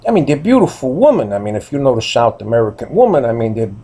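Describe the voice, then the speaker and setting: A man's voice: medium pitch, big pitch swings, fast, mellow. A man telling a rambling story to his viewers, blunt and profane, full of "you know" and "I mean.". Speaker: vlogger. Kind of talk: casual storytelling monologue.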